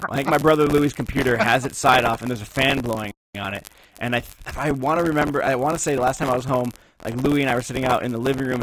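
Relaxed man in casual tech chat. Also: medium pitch, slight background noise, low-quality recording. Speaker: podcast co-host.

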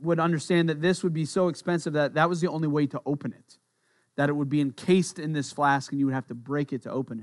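A man preaching as a pastor in a conversational, playful way, repeating words as he works through a thought. His voice sits notably high for a man. The sound is dry and close, with no room around it. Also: dry recording. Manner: repeats words while thinking aloud. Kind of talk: sermon.

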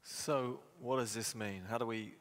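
Measured male preacher in a reverberant hall. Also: medium pitch, fairly even intonation. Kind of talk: sermon. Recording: long reverb of a church hall.

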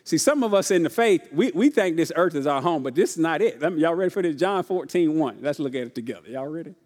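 Male pastor, high-pitched voice, folksy call-and-response preaching, long church-hall reverb. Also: lively intonation, fast, darkish tone. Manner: call-and-response preaching, often asks the congregation if they are ready; casual, folksy delivery with repeated phrases. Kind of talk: sermon. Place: church sanctuary.

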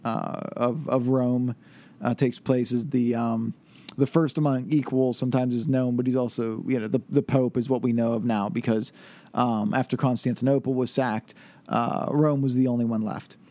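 A man's voice: medium pitch, fairly even intonation, moderate pace, mellow, dry recording. Rambling man giving a casual history lecture. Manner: rambling, filler-heavy, reads passages aloud then explains informally. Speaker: teacher.

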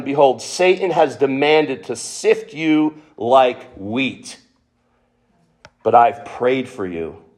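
Man preaching, sermon, emphatic, rhetorical questions, slightly high voice. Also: darkish tone.

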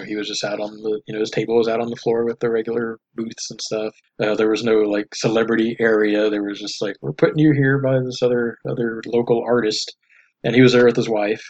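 A man's voice: on the low side, darkish tone, lo-fi sound. A man co-hosting a casual podcast, telling a story in a loose, rambling way with lots of fillers and laughs. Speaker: podcast co-host. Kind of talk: casual chat.

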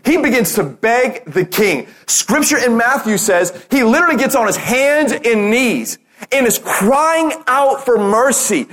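A man preaching a sermon as pastor, telling a parable with lively acted-out quotes and rallying calls. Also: very high-pitched, a little slow. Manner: animated storytelling, acting out quotes.

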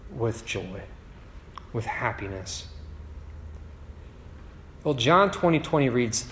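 Male pastor, conversational sermon delivery, ordinary pitch, long hall reverb. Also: slight background noise. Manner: conversational, keeps asking "right?".

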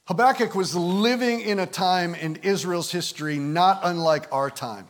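A man in his fifties, a pastor, preaching a conversational sermon with frequent "and, uh" fillers, slowing down to read scripture. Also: sits high. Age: 50s. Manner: slows and lifts his voice when reading scripture. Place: visiting church service in the evening.

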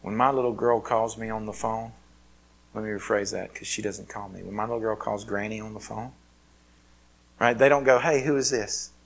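Male pastor, lowish voice, casual sermon delivery, filler-heavy, big swings from loud to hushed. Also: steady tone, moderate pace, creaky, rough recording. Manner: swings between loud emphatic peaks and quiet, hushed asides. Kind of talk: conversational sermon.

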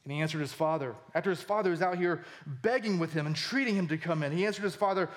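A male pastor preaching a sermon with animated emphasis, his voice climbing for key points. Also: fast talker, hardly any pauses. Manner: animated, voice rising high for emphasis.

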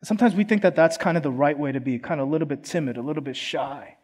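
A man's voice: on the high side, fast talker, a little mellow. A man from Philadelphia preaching a sermon in church, earnest and conversational, often acting out quoted voices. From Philadelphia, USA. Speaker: pastor.

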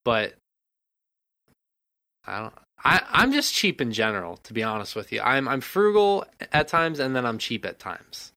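A man's voice: mid-range voice, big pitch swings, normal speed, sharp tone. A man co-hosting a casual gaming podcast, speaking in an emphatic, opinionated rant. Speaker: podcast co-host.

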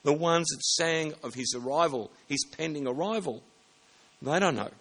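A man's voice: a little high, normal speed, fairly bright tone, husky. A man preaching a sermon in a plain, conversational way, sometimes stopping to correct himself. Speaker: pastor.

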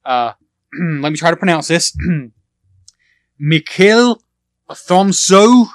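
A man's voice: a little high, drawn-out words, fairly bright tone, no room sound. Rambling podcast man, dry close sound. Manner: rambling, self-deprecating. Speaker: podcast co-host. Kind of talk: casual chat.

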